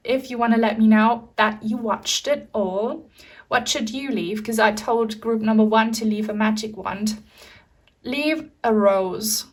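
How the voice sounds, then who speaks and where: A woman giving a pick-a-card tarot reading to her viewers, speaking gently and reassuringly, with frequent fillers. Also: mid-range voice. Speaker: tarot reader.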